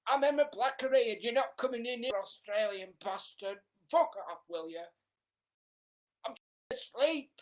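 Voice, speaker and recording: A man's voice: very high-pitched, moderate pace, pitched above the performer's own voice. A man doing an impression of a sleepy, irritated young woman turning someone away from her door. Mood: annoyed. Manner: snappy, irritated.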